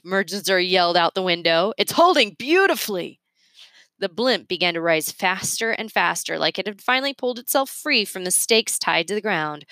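A woman reading a children's novel aloud with expressive, measured storytelling. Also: medium pitch, dry recording. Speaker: reader.

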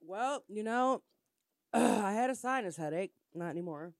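A woman's voice: mid-range voice, animated, measured pace, no echo. Woman, casual host, blunt and profane, close dry sound. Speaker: host serving hot sauces. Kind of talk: casual chat.

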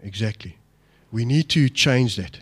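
A man's voice: mid-range voice, animated, a little slow, breathy edge. A middle-aged man, giving an emphatic, personal talk to an audience and asking them questions. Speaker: speaker addressing an audience. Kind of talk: motivational talk on fatherhood.

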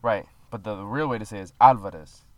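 A man's voice: fairly low pitch, rapid-fire, no room sound. A man co-hosting a podcast, talking in a laid-back, casual way with lots of "like" and "bro.". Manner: laid-back, explains things with fillers like "like" and "bro". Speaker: podcast co-host. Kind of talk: casual chat.

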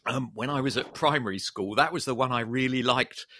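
A man's voice: mid-range voice, brisk, bright, forceful tone. A man co-hosting a travel podcast, chatting in a wry way with many ums and uhs. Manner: chatty and wry, with frequent fillers. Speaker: podcast co-host. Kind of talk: casual chat.

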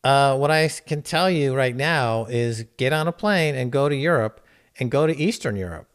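A middle-aged man with a New York accent, a show host telling stories in a brash, animated, casual way. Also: mid-range voice, moderate pace, clean tone. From United States. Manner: brash, animated storyteller, swears freely. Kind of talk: casual podcast chat.

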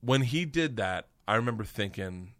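Middle-aged male comedian, bright, forceful tone; loud, profane storyteller who squeaks high for characters. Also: normal speed. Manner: animated, profane, acts out characters with big pitch jumps. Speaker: comedian guest. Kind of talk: storytelling in casual chat.

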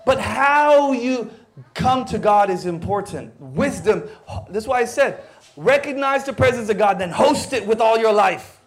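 A high-pitched Filipino man preaching with lively energy, slipping Cebuano words into his English. He keeps acting out quoted voices and swings between urgent pushes and hushed asides. His delivery is expressive and theatrical. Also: measured pace. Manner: animated, acts out quoted voices, sudden drops to near-whisper. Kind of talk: sermon.

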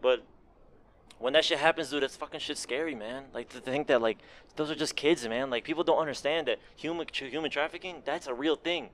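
Guy rambling fast on a podcast, swears a lot, laughs a bunch. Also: fairly high pitch, a bit bright. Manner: rambling, profane, laughs often. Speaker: podcast co-host. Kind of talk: casual podcast chat.

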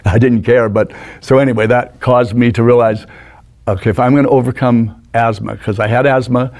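A man in his sixties telling animated stories as a guest in a studio interview, acting out the people in them. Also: mid-range voice, brisk. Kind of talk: anecdotal storytelling.

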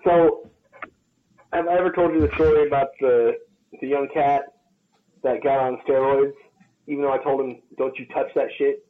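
A man's voice: mid-range voice, moderate pace, pauses often. A man tells a gym story on a casual podcast, cursing freely and acting out the people in it. His voice sits in a middle register. The recording sounds slightly dull and lo-fi. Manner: profane, animated storyteller who acts out quotes. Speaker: podcast co-host, personal trainer.

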